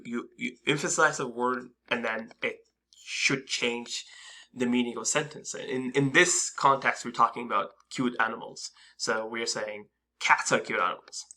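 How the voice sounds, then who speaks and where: A man walks through a screen-recorded coding lesson with a bright, forward voice. He talks casually and hesitantly, filling gaps with ums and restarting sentences. Keyboard typing clicks sit behind his voice. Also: medium pitch. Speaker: coding instructor.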